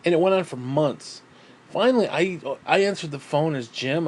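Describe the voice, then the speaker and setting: Here a man with a fairly high, darkish voice rambles casually about his writing at a normal speed. He swears a lot, drifts from point to point, and lets sentences fade out with filler words.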